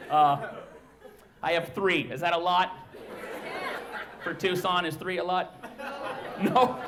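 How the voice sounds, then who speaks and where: A man in his thirties doing a stand-up comedy set on a club stage, talking conversationally into a handheld mic. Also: high-pitched. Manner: conversational, bursts into loud shrieking impressions of his kids. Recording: live club recording with audience laughter and noise. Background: audience laughing.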